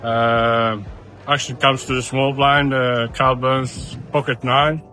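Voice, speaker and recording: A man with a bright voice tells a poker story in halting. Faint music sits behind him. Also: medium pitch, flat delivery. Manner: halting, searching for words. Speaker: poker player recounting a hand. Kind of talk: casual anecdote.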